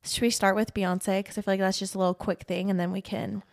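A woman's voice: mid-range voice, little pitch movement, fast talker, a little mellow. A woman co-hosting a podcast in casual, chatty conversation, upbeat and full of "like". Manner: chatty, upbeat, says "like" often. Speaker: podcast co-host. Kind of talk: casual chat.

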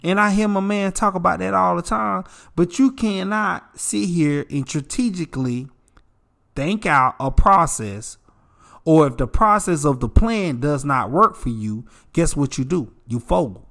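Animated preachy man, slightly high voice. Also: a little slow, creaky. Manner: animated, preachy, addresses listeners as bro and y'all. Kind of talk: casual advice talk.

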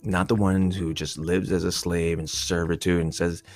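A man's voice: sits low, little pitch movement, normal speed, faint music behind. A man talking in a rambling, profane, irreverent off-the-cuff monologue. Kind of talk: casual unscripted monologue.

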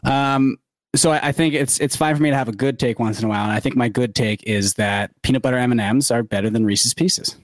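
A man's voice: mid-range voice, quick pace, no room sound. A man co-hosting a podcast, talking in a wry, teasing way. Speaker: podcast co-host. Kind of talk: casual chat.

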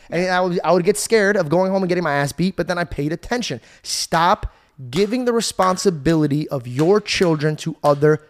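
Animated young man telling a story. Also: a little high, normal speed. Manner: animated, swearing, says "bro" often. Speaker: podcast host. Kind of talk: casual podcast storytelling.

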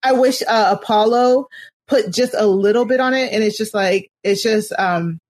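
A woman co-hosting a casual podcast, animated and quick to laugh, often restarting her sentences. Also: medium pitch, no room sound. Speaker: podcast co-host.

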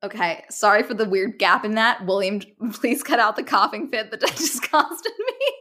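A woman's voice: on the high side, lively intonation, moderate pace, sharp tone. A woman hosting a podcast, chatting casually and reading out listener stories with playful, laughing commentary. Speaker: podcast host.

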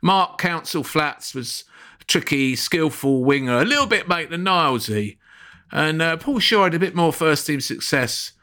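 A man's voice: on the high side, animated, unhurried, pushed and bright. A man hosting a casual podcast chat, reading listener emails aloud with laughs. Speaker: podcast host.

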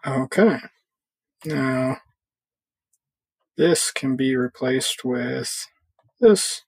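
A man talks slowly and unhurriedly through a software tutorial, thinking aloud as he clicks along. His voice is a little husky and sits at a middle pitch. The sound is dry and close, with no room echo. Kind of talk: casual screen-recorded coding tutorial.

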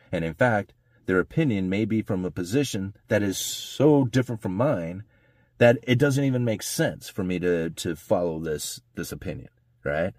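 A man's voice: deep voice, a little mellow, dry recording, studio quality. A man giving a rambling, conversational commentary on the economy, often tagging his points with "right?" and "you know". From United States. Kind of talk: casual monologue.

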